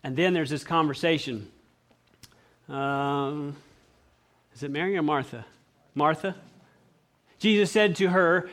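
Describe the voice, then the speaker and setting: A man preaching a sermon, animated and acting out the voices of the people he quotes. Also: a little high, slow, pauses often. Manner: clears throat often.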